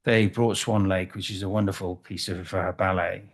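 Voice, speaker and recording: A man's voice: sits low, steady tone, normal speed. A middle-aged man from Wales, giving a chatty, self-deprecating conference talk as a photographer, with frequent restarts. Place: conference hall.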